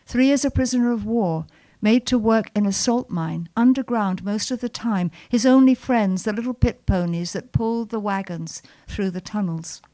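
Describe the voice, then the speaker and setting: A woman storyteller telling a personal memoir to a live audience in a lyrical, expressive way. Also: medium pitch, normal speed. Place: showroom with audience.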